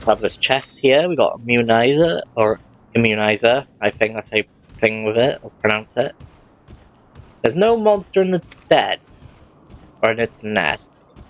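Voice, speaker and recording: A man's voice: lowish voice, lively intonation, unhurried, pauses often. A man giving casual let's-play commentary, rambling and often correcting himself mid-sentence.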